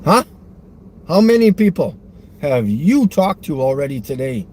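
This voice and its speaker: A man's voice: a little high, sing-song, a little slow, darkish tone. A man from Westchester County, New York, vlogging from his car in rambling, provocative talk with frequent laughs. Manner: provocative, teasing, laughs often. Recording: car noise behind.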